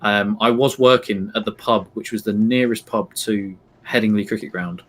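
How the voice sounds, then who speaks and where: Low-pitched guy co-hosting a football watch-along, rambly, lots of ums. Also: steady tone, moderate pace, fairly bright tone. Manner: rambling, hesitant, lots of plugs. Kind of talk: casual live stream chat.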